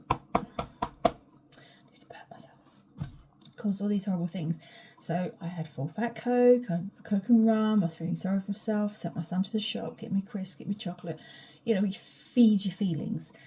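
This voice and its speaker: Chatty woman with a mellow voice. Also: mid-range voice, a little hiss or hum. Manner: frank and chatty, swears, often drops to a whisper. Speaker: vlogger. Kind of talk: rambling casual vlog chat. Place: home kitchen, standing.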